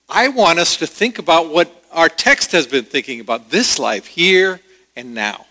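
A male pastor preaching a sermon at a slow, unhurried pace. His voice is bright and fairly high for a man, and he pauses often to reflect.

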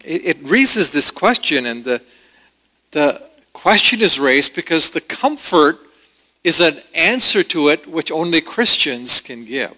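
A male pastor preaching a sermon at a slow, unhurried pace. His voice is bright and fairly high for a man, and he pauses often to reflect. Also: big pitch swings.

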